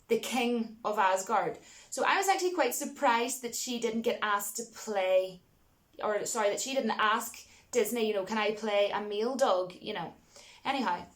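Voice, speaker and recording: A woman vlogging her opinions on film remakes in a casual, exasperated rant, with frequent asides to her viewers. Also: a little high. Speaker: vlogger reviewing films.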